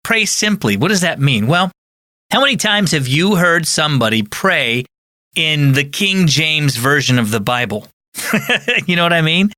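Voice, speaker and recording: Bright-voiced pastor talking earnestly. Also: male voice, a little high, animated, measured pace, no room sound, studio quality. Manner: conversational, earnest, explanatory. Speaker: pastor and podcast host. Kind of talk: teaching talk.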